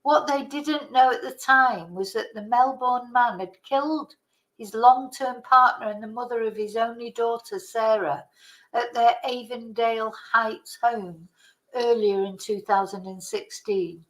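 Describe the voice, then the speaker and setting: Woman, channel host, slow unhurried delivery, fairly high voice, halting reading of news articles. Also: poor audio. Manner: slow and hesitant, stumbles over names. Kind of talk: casual commentary, reading articles aloud.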